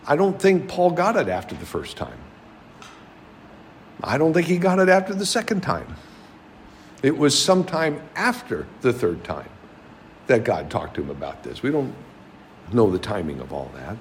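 A man's voice: mid-range voice, very animated, moderate pace, pauses often, a little hiss or hum. A man preaching a sermon, teaching a class and asking his listeners many rhetorical questions.

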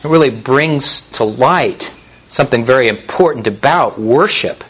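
A man preaching a sermon in a measured way, with frequent pauses and restarts. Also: mid-range voice, expressive, fairly bright tone, husky, low-quality recording. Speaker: pastor.

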